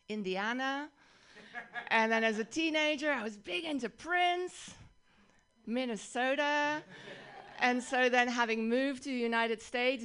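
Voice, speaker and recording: A woman from the Netherlands with a Dutch accent, performing a wry, deadpan stand-up set on a club stage and laughing at her own jokes. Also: fairly high pitch, smooth. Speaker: stand-up comedian.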